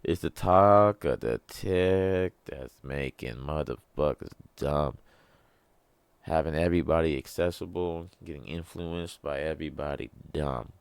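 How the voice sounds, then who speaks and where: A man with an extremely deep, gravelly voice rambles through a casual solo rant, loose and joking, cursing freely. The sound is dry and close, with no room around it. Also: unhurried, dry recording. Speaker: podcast host.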